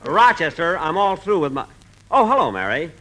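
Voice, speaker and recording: A man's voice: a little high, sing-song, normal speed, background noise. A man hosting a 1940s radio comedy show, indignant and exasperated in his comic timing.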